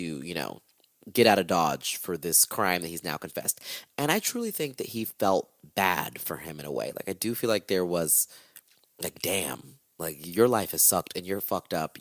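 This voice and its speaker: A man's voice: fairly low pitch, dry recording. A man hosting a podcast, retelling a true-crime story in casual chat, irreverent and swearing freely as he acts out the quotes. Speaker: podcast host.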